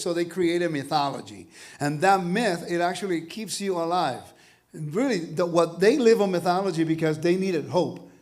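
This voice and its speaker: A man teaching a congregation, lively and animated, often asking his listeners questions. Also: sits high. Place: congregation hall.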